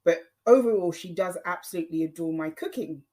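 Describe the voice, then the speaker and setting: A woman's voice: on the low side, lively intonation, a little fast, hardly any pauses, mellow. A woman talking casually to her subscribers in a chatty, emphatic, rambling way, full of fillers. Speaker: YouTuber addressing subscribers. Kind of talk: casual vlog monologue.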